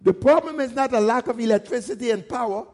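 A male pastor preaching a sermon, emphatic and repetitive, reading scripture with slow, stretched-out drama. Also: very high voice, expressive. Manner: emphatic preaching with repetition and call-and-response asides.

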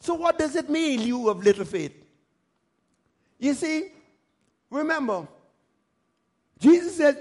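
A male pastor delivers a sermon in an unusually high voice. He drives his points home through repetition and quick asides to the congregation. When he reads scripture, he slows right down and stretches the words for dramatic effect. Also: big pitch swings, darkish tone. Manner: emphatic preaching with repetition and call-and-response asides; dramatic scripture reading with slowed, stretched phrases.

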